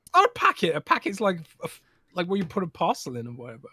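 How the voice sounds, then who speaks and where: A man's voice: high voice, huge pitch swings, fast, pushed and bright, breathy edge, no echo. A man with a British accent, co-hosting a podcast in casual, teasing chat. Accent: British English. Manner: playful, teasing. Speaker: podcast co-host.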